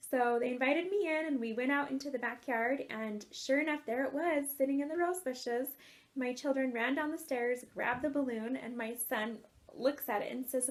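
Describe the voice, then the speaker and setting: A woman in her thirties tells a personal story with earnest warmth and lively energy. Her voice sits high, and she laughs easily as she talks. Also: measured pace. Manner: earnest, animated, laughs often. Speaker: author and life coach.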